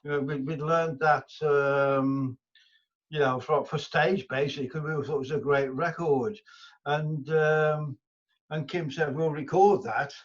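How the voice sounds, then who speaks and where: An older English guest musician rambles through interview anecdotes, full of fillers and restarts, in a flat, unhurried delivery. His voice runs on the high side, and the recording is dull and lo-fi.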